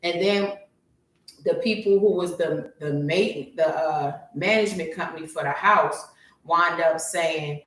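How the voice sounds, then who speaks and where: A woman co-hosting a podcast, telling a personal story in casual chat and jumping high in pitch when she quotes her own panic. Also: measured pace, a bit bright, a little hiss or hum. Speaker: podcast co-host. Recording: roomy echo, far from the mic.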